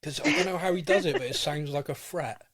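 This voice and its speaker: A man's voice: on the high side, quick pace, a bit bright, breathy edge. A man hosting a fan podcast, joking and self-deprecating, laughing often while he interviews a guest. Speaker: podcast host. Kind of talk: casual interview chat.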